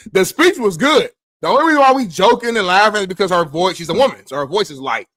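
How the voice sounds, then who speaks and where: A laid-back man co-hosting a sports talk show in slangy banter. His voice sits a little high, and he argues calmly before punching up the volume to make a point. The studio sound is dry and close. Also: quick pace, few pauses, no room sound.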